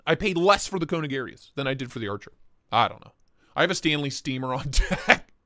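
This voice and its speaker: A man's voice: mid-range voice, expressive, fairly quick, pushed and bright, dry recording, clean studio sound. A man hosting a casual live stream, joking and swearing as he greets viewers by name. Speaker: livestream host.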